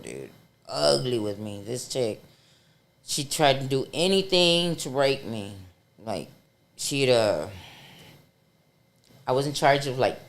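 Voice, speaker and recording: A woman guest on a podcast, telling a story in a casual, profane and animated way, laughing often. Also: rumbling low.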